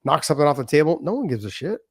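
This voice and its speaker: Talking very fast in a voice on the high side, with big pitch swings and a breathy edge, a middle-aged man earnestly explains his views through everyday examples. He's a former fighter guesting on a podcast in casual conversation, and there's no echo.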